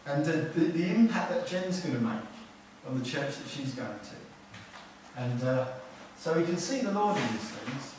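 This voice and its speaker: Pastor preaching in an echoey hall. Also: male voice, on the high side, very animated, unhurried, darkish tone, slight background noise. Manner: conversational, earnest, repeats words for emphasis. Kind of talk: sermon. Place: church hall. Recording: echoey hall, mic far off.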